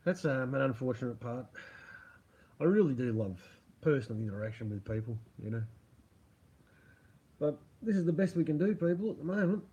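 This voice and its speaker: A man's voice: mid-range voice, animated, normal speed, pauses often, dark tone, slightly rough, muffled recording. A middle-aged man hosting a casual livestream and talking to his chat, rambling and profane, laughing often and sarcastic. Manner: sarcastic about media. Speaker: livestream host reading chat.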